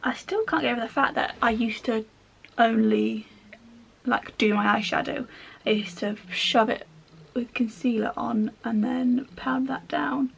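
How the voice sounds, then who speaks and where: A young woman talks casually through a makeup tutorial. Her voice sits high, with a gravelly fry at the ends of phrases. She keeps things slangy and chatty, with a faint hiss of noise behind her. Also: fairly even intonation, a little slow. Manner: chatty and slangy, with soft half-whispered asides. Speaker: beauty vlogger.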